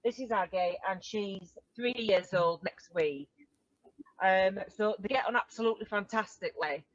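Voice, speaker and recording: A woman joins a video call with a question about her dogs. She talks in a chatty, informal way at a middle pitch. The call audio is dull and lo-fi. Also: moderate pace, a little hiss or hum. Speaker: dog owner asking a question. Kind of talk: casual chat on a video call.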